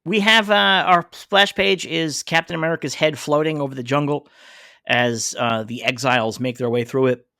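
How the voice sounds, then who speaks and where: A man's voice: mid-range voice, normal speed, sharp tone, dry recording, studio quality. A man co-hosting a casual podcast about comic books, laughing often and swearing casually. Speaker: podcast co-host. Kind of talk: casual comic book chat.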